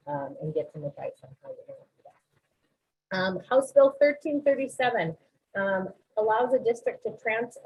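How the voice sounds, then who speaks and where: A woman runs through a legislative recap for school board members, businesslike and peppered with ums and uhs. Her voice sits on the lower side. The sound is thin and tinny, like a call over a phone line. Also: warm tone. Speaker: presenter at a school boards association webinar. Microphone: online webinar call. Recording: tinny phone-like webinar audio.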